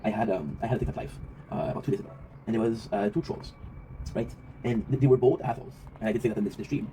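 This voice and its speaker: Rapid-talking man, rambling vlog monologue. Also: on the low side, warm tone. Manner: rambling, reflective, swears freely, often tags "right?". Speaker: vlog host. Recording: noisy ambient background.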